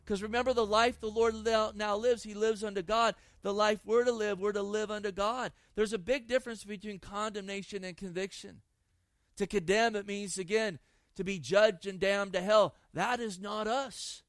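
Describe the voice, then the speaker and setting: A man's voice: high-pitched, steady tone, normal speed, fairly bright tone, no room sound. A man preaching a sermon, emphatic and repeating phrases for stress. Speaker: pastor.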